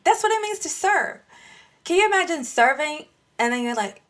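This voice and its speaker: Lady preaching on a faith podcast, animated, fairly high voice, keeps saying y'all. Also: normal speed. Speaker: Christian podcast host. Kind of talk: devotional teaching.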